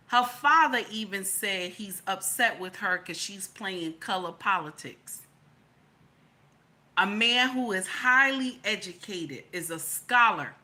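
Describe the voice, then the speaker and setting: A woman's voice: medium pitch, sharp tone. A woman giving casual opinion commentary, colloquial and emphatic, repeating her lines for stress. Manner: colloquial, slangy.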